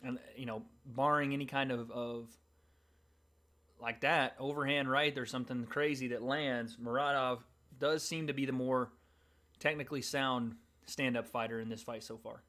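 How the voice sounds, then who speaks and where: A man hosting a livestream, reacting live to a fight with casual, excited play-by-play. He calls the action in an everyday way and breaks into sudden cheers at big moments. His voice sits at a medium pitch. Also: moderate pace. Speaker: livestream host.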